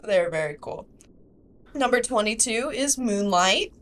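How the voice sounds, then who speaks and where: A young woman hosting a podcast in casual chat, chatty and quick to laugh. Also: mid-range voice, expressive. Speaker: podcast host.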